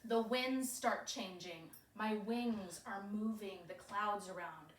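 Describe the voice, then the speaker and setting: A woman's voice: mid-range voice, slow pace, a little hiss or hum, lightly acted. A woman playing a cheeky, carefree winged mermaid goddess, telling her story in first person with a breezy, giggly manner and frequent laughs. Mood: playful. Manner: giggly, breezy, laughs often between phrases. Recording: roomy echo.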